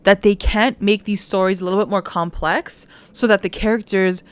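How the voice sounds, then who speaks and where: A woman's voice: mid-range voice, steady tone, normal speed, clean tone, no echo. A woman co-hosting a podcast, recapping a show in blunt, exasperated casual chat with some swearing. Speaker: podcast co-host.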